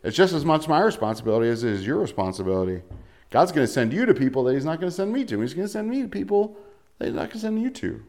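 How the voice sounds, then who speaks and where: Guy preaching, casual sermon voice, lots of rhetorical questions, gets loud then soft. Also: fairly high pitch, big pitch swings, very fast. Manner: conversational preaching, rhetorical questions, dynamic emphasis. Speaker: pastor.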